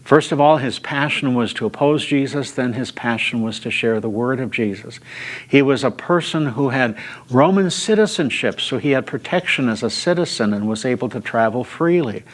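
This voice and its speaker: A man teaching a Bible study, retelling scripture stories at an unhurried pace with frequent filler sounds. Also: mid-range voice, animated.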